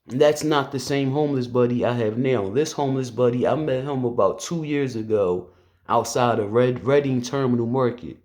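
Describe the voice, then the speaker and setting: A man's voice: medium pitch, moderate pace, darkish tone. Earnest man telling a story casually. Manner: earnest, conversational, loose speech with restarts. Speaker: police officer.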